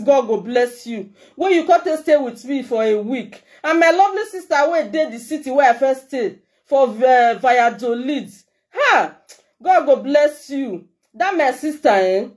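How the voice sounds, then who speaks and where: A middle-aged Nigerian woman speaks straight to her followers in an emotional vlog message. Her voice is warm and mellow, pitched slightly high for a woman, and her delivery is heartfelt and pleading. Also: normal speed, hardly any pauses. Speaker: vlogger. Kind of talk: emotional direct-to-camera message.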